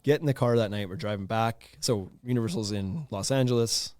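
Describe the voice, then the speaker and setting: A man's voice: fairly low pitch, brisk, dry recording. A man in his thirties hosting a podcast, telling a story in a loose, laughing way with lots of fillers. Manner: animated, laughing, many fillers. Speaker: podcast host. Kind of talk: casual storytelling.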